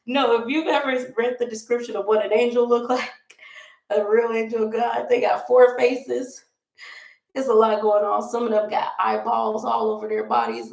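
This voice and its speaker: A woman's voice: on the high side, normal speed, vocal fry, echoey room, low-quality recording. A young woman vlogger chatting casually while doing her makeup, rambling and laughing often.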